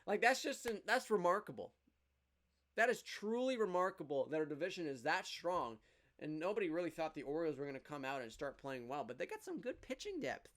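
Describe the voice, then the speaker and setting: A man hosting his own fan show, giving a casual sports recap and opinions with excitable energy, rattling off stats. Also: fairly high pitch, fairly quick. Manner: excitable, rattles off stats, lively rises and dips.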